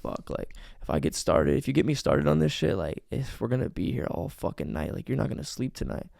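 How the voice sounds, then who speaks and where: A man putting on a slow, commanding, half-whispered voice as a dominant lover in whispered role-play. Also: sing-song, dark tone, no echo, clean studio sound. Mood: low, dominant. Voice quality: low, breathy, half-whispered. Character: dominant man murmuring explicit promises to a lover.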